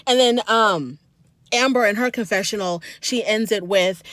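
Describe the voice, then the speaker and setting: A woman's voice: mid-range voice, normal speed, a bit bright. A woman with a mid-range voice gives a casual recap of a reality TV show. She is chatty and opinionated and speaks straight to her audience. The sound is close and dry, with no room echo. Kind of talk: casual commentary.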